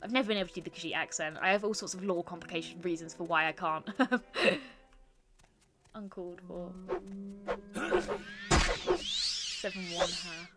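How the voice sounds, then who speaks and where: Young woman, game streamer, chatty and giggly, over loud game music. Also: fairly low pitch, normal speed, long pauses. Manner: chatty, reads chat aloud, laughs often. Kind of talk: casual gaming stream chat.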